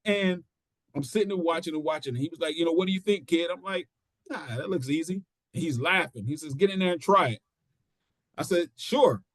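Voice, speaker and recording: A middle-aged man, a pro wrestler being interviewed, telling his story casually and acting out quotes in an animated way. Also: a little high, fairly quick, dry recording. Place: studio.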